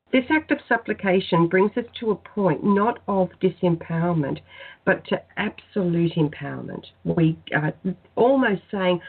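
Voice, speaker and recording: A woman guest in a spiritual radio interview, telling her personal story in an earnest, soft-spoken way. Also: fairly low pitch, a little slow, slightly rough. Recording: tinny phone-line sound.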